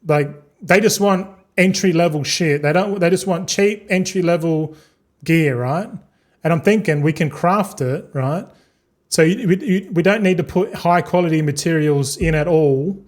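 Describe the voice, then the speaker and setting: A man's voice: a little high, normal speed. A young man streaming live, rambling and swearing as he chats with viewers. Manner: rambling, swearing, talks to chat. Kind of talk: casual livestream chat.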